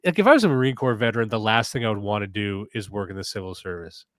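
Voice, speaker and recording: A man's voice: fairly low pitch, quick pace, fairly bright tone, no room sound. A man hosting a comedy podcast, riffing sarcastically in a casual rant and reading posts aloud in mock voices. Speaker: podcast host.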